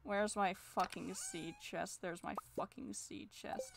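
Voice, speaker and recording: A woman's voice: medium pitch, huge pitch swings, takes it slowly, gravelly, background noise. A woman streaming a farming game, rambling in casual commentary, mocking herself and swearing freely.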